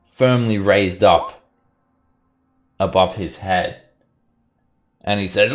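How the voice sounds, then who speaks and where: A man narrating a tabletop game as dungeon master, telling the scene in a relaxed, lively way. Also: low voice. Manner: relaxed, lively storytelling with fillers.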